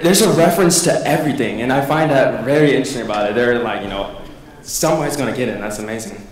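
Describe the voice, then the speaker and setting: A man's voice: medium pitch, quick pace. Man, stand-up comedian, rambling delivery, acts out quotes, reverberant convention hall. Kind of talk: casual stand-up set. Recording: echoey hall, mic at a distance.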